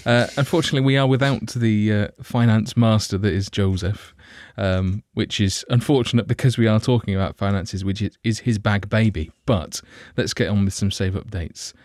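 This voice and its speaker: A man hosts a podcast with teasing banter, his voice a little low. The sound is close and dry, with no room in it. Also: fairly even intonation, moderate pace, few pauses, a little mellow, dry recording. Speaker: podcast host. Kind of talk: casual podcast hosting.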